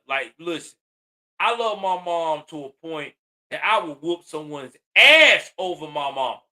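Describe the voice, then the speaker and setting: A man's voice: a little high, pushed and bright. Ranting, profane man in his forties. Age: 40s. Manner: angry, profane, emphatic, ranting. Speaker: commentator. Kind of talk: heated commentary on a news story.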